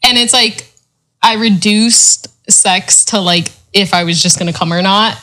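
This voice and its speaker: A woman co-hosting a casual podcast chat, speaking candidly with lively intonation. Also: mid-range voice, measured pace. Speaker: podcast co-host. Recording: noticeable background noise.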